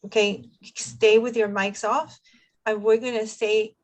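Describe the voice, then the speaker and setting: A woman's voice: fairly high pitch, level tone, measured pace, low-quality recording. A woman life coach leading a class over a video call, giving steps and checking that everyone follows. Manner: coaching, encouraging, checks understanding. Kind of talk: online class instruction.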